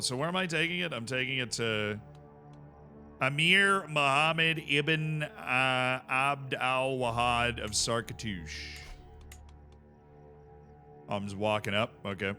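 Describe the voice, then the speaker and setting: A man streams a strategy game, talking loosely to his chat and poking fun at himself. His voice sits at an ordinary middle pitch with a very bright, forward tone. He is heard up close through a headset mic. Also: slow pace, long pauses, soft background music. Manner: chatty, self-mocking, talks to chat. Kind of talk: livestream gaming commentary.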